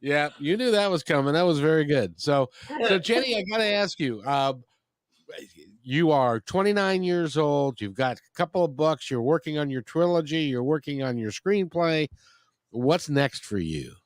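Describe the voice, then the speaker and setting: A man's voice: fairly high pitch, expressive, moderate pace, no echo. A man from the United States hosting an interview, rambling and joking with his guests. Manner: rambling, jokey. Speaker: interview host. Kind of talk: casual interview chat.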